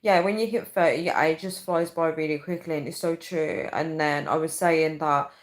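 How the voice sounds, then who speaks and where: A woman's voice: low voice, steady tone, normal speed, poor audio. A woman in her thirties hosting a casual livestream, rambling chattily and often calling her viewers "guys.". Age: 30s. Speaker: livestream host.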